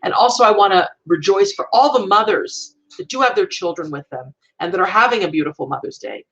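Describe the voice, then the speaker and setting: A woman hosting a live stream, speaking in a gentle, soothing and repetitive way while emotional. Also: lowish voice, expressive, brisk, highs cut off, faint music behind. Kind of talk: heartfelt live-stream message.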